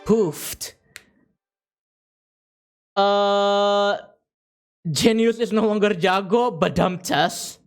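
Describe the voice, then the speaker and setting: A man's voice: sits high, extremely slow, pauses often, clear, resonant tone, faint music behind. A man casually chatting to his chat while playing a racing game on a stream, jokey and a bit profane.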